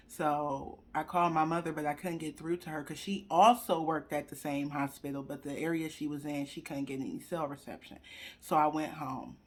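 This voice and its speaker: Speaking straight to her viewers through a computer webcam, a young woman gives emotional personal testimony in a chatty way, struggling not to cry as she vlogs. She has a low-pitched voice and talks at a normal speed.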